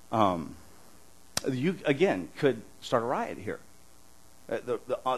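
A middle-aged man preaching a conversational sermon as pastor, animated, often restarting his words and chuckling as he talks. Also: medium pitch, rough recording.

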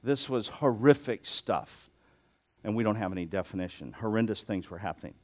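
A man's voice: on the low side, lively intonation, moderate pace, a little mellow. A man preaching an expository sermon as a pastor, conversational and given to joking asides.

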